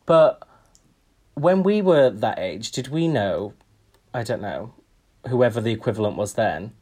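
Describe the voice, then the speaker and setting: A man co-hosting a podcast, talking in an expressive, self-mocking way. His pitch moves all over the place as he chats casually. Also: a little slow, husky. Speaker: podcast co-host. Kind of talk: casual chat.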